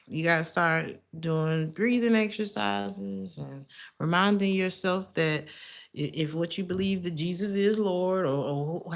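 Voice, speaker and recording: A woman's voice: fairly low pitch, a bit bright. A woman giving a casual tarot reading, blunt and chatty, laughing often and calling listeners baby and honey. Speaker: tarot reader.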